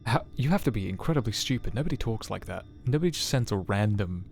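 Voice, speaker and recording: Low-voiced guy in his 20s streaming a game, joking around with chat, a bit of background hiss. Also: expressive, fast talker, vocal fry, darkish tone. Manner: joking, self-mocking banter with chat. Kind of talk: casual live-stream chat while playing.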